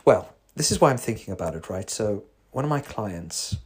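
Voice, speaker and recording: A man, a psychotherapist, talking through a rambling, self-correcting monologue with sudden animated jumps in pitch. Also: normal speed, slightly rough. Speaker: psychotherapist podcast host. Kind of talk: reflective monologue.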